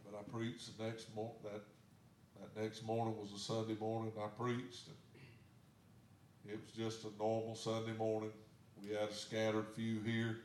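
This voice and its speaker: A man's voice: fairly low pitch, a little mellow, echoey room, slight background noise. A man, a pastor telling a story in a sermon in a plain, folksy way. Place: church sanctuary.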